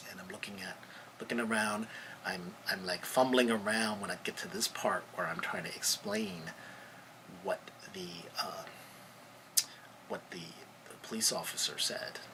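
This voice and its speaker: A man, a lawyer hosting a podcast, telling a story in a halting, conversational way, often searching for words. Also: deep voice, vocal fry, noisy background.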